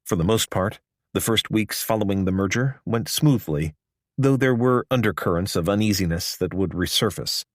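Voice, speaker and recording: A man in a measured, even scripted audiobook narration. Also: fairly low pitch, dry recording, clean studio sound.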